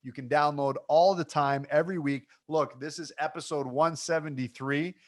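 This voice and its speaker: A man co-hosting a sports podcast, joking and bantering with his co-host in animated, quick exchanges. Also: on the high side.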